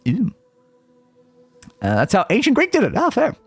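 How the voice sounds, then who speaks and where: A man streaming a game reads the in-game lore aloud in a high voice that rises and falls with great liveliness. He keeps stopping to joke, correct his pronunciation and laugh at tricky words. Soft music plays behind him. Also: wildly swooping pitch, normal speed, creaky, slightly rough, no echo. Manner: reads aloud with playful asides and self-corrections; stumbles on words and laughs at them. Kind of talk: casual livestream reading aloud.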